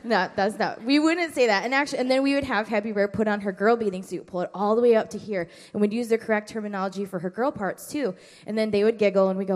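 Middle-aged woman, parenting class speaker, casual and animated, does kids' voices in her stories. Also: fast, long reverb tail. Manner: animated storytelling, acting out children's high-pitched replies. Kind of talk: informal talk to a parent group.

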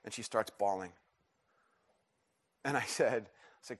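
A middle-aged male pastor delivers a sermon to a church congregation. He tells personal stories with lots of restarts and swings from quiet, low reflection up to loud, pleading questions. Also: slow pace. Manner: animated storytelling, restarts and rising emphatic questions. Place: church service.

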